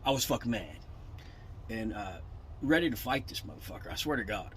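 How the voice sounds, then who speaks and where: A man's voice: lowish voice, expressive, fairly quick, slight background noise, rough recording. A man, a truck driver telling a story in a blunt, profane, angry rant.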